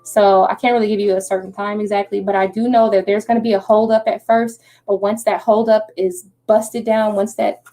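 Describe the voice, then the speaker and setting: A woman's voice: medium pitch, flat delivery, fairly quick, few pauses, mellow. A woman doing a live-stream tarot reading, chatty and reassuring, often checking in with "okay?". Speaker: tarot reader.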